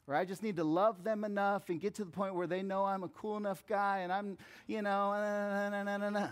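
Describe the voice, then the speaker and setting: A pastor preaching a conversational sermon that rises to fervent appeals. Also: male voice, sits high, fairly even intonation, a little fast.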